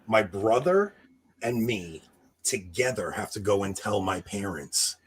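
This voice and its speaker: A man in his thirties telling a long personal story in casual chat, animated and laughing, acting out what people said. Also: lowish voice, unhurried, slightly rough. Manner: animated, laughing, acts out quotes. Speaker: podcast co-host telling a story.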